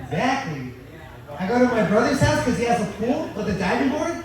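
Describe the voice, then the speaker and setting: A man's voice: very high-pitched, fairly quick, crowd noise. A man performing a crude, profane stand-up comedy set at an open mic. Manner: crude, profane and deadpan-boasting. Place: open mic venue, echoey room. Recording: very echoey room from far off.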